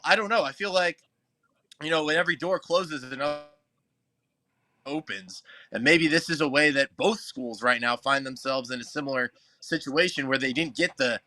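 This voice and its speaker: Man, sports radio host, very bright voice, dry studio sound, rambling casual talk. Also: on the high side, dry recording. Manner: rambling, thinking aloud with fillers.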